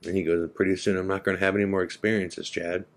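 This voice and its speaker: A podcast host, a man, slowly and quietly retelling a heartfelt conversation, quoting both sides. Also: deep voice, level tone. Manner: slow, quiet, reflective retelling with quoted dialogue. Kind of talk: emotional personal storytelling.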